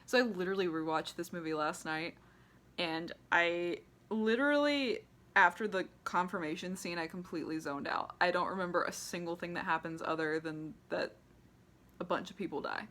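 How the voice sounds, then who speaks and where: Young woman, lowish pitch, offhand sarcastic movie-review chatter with frequent laughs. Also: normal speed, a bit bright. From United States. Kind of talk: casual ranking commentary.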